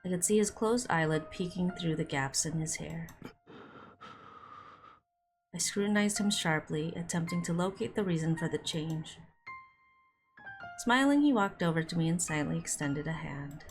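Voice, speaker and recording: A woman streaming a visual novel, reading its narration aloud and breaking off for quick reactions, with music under her voice. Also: deep voice. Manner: reads narration with quick asides. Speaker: game streamer.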